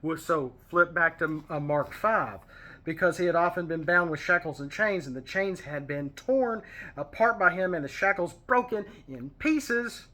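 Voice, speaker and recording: A man leads a casual Bible study, reading verses aloud and wandering off into chatty asides and pop-culture references. His voice sits a little high for a man. The tone is bright and forceful. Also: moderate pace.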